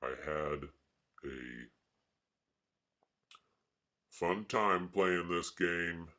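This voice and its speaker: A man's voice: low voice, drawn-out words, bright, forceful tone. A man vlogging and rambling casually in a wry, mock-grumpy way. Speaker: art vlogger.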